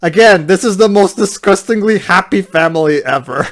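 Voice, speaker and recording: A man's voice: high-pitched, moderate pace, a bit bright. A young man making sarcastic, profane jabs during a casual movie commentary. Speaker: commentary co-host.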